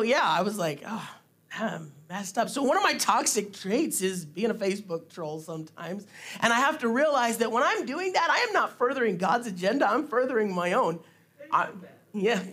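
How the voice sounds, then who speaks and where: A man's voice: sits high, fairly bright tone. Guy preaching in church, super casual, jokes about himself, laughs a lot. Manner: casual, self-deprecating, laughs often. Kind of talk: informal sermon. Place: church sanctuary.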